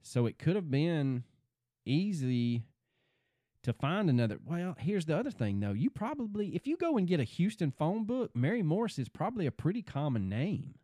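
A man's voice: a little high, very animated, moderate pace, dark tone, no echo, clean studio sound. A man co-hosting a podcast in casual chat, talking through theories in an easygoing way. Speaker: podcast co-host.

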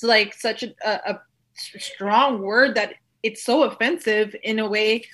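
Chatty female co-host with a bright voice who rambles, "like" in every sentence. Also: a little high, unhurried. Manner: rambling, heavy use of "like". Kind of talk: casual podcast conversation.

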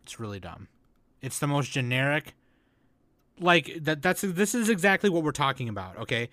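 A man co-hosting a casual anime review chat, excitable and swearing often as he mocks shows. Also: fairly high pitch, normal speed, dry recording. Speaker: podcast co-host.

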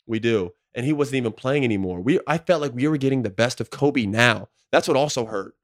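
A man's voice: medium pitch, expressive, fairly quick. A man in his thirties, a podcast co-host, telling an emotional story in slangy, profane casual talk full of "like" and "bro". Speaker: podcast co-host, former pro basketball player.

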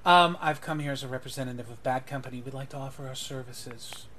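A man's voice: mid-range voice, fast talker, bright, forceful tone, slight background noise, natural voice. A man voicing a friendly male demi-elf mercenary envoy who talks in an affable, slightly hesitant way.

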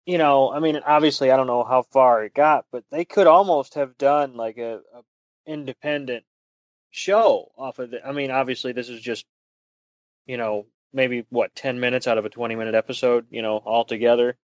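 A man's voice: medium pitch, fairly even intonation, normal speed, no echo, dull audio. A man co-hosting a casual podcast, teasing his partner dryly and thinking aloud with lots of ums. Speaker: podcast co-host.

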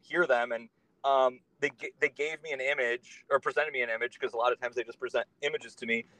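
A man's voice: medium pitch, steady tone, fast, sharp tone, no echo, low-quality recording. Man telling a meandering story in a dry-sounding room. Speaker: podcast guest. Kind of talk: casual conversation.

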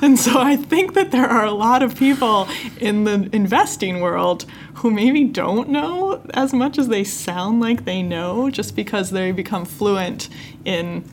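A woman's voice: mid-range voice, expressive, a little slow, a little hiss or hum. Wry chatty woman co-host. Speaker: podcast co-host learning investing. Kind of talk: casual chat.

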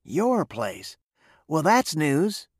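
A man's voice: a little high, huge pitch swings, extremely slow, slightly rough, no echo, studio quality, voice pushed up, exaggerated voice. A man reading as a tart, hot-tempered cowboy. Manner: tart, barking. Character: tough, quick-tempered young cowboy.

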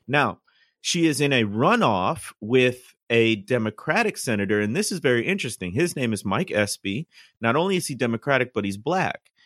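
Man co-host, earnest explainer, close dry recording, mid pitch. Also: sing-song, normal speed, a bit bright, no room sound. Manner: earnest, explanatory, cites scripture. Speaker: podcast co-host. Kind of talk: casual political discussion.

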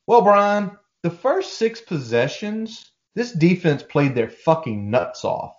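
Sports podcast co-host, male, animated and profane, lo-fi room sound. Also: high-pitched, slow, few pauses. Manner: animated, profane, acts out quoted exchanges. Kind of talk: casual sports chat. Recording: echoey room, dull lo-fi sound.

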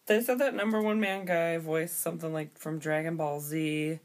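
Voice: medium pitch, fairly even intonation, normal speed. Offhand slangy podcast co-host. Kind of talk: casual chat.

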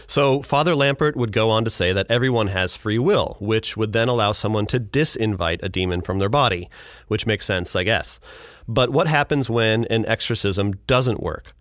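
A man's voice: lowish voice, moderate pace, fairly bright tone, no echo, clean studio sound. A man hosting a podcast, narrating a scripted segment in a casual, wry way. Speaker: podcast host.

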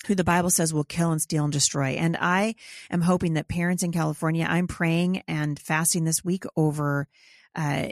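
Low-voiced woman hosting a preachy podcast. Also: dry recording, clean studio sound. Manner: emphatic and preachy, frequent fillers. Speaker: podcast host. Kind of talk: opinionated talk podcast with prayer.

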